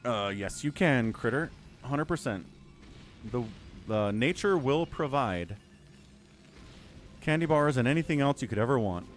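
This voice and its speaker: A man's voice: medium pitch, lively intonation, measured pace, long pauses, soft background music. A man streaming casual game commentary, sarcastic and rambling as he talks to his chat. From United States. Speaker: esports caster and streamer.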